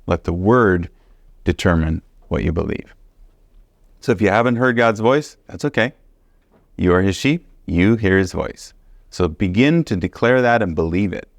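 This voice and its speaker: A man teaching a Bible study sermon, earnest and animated, stressing points by repeating them. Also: low voice, moderate pace, creaky, no room sound. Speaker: preacher.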